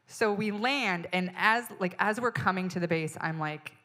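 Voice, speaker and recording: A woman comedian from the United States telling a story on stage in an animated, exasperated way, acting out the people in it. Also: lowish voice, normal speed. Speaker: stand-up comedian. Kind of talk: stand-up storytelling. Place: stage in front of an audience.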